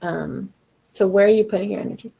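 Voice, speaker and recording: Husky gravelly woman chatting thru a live singing coaching session, mellow tone. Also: medium pitch, a little fast, muffled recording. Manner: conversational, encouraging, acts out inner voices. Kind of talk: live-streamed coaching talk.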